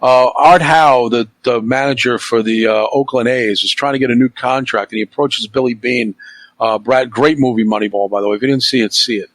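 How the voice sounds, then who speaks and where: A man's voice: mid-range voice, brisk, dry recording, poor audio. A middle-aged man hosting a podcast in casual chat, blunt and opinionated, swearing freely. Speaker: podcast host.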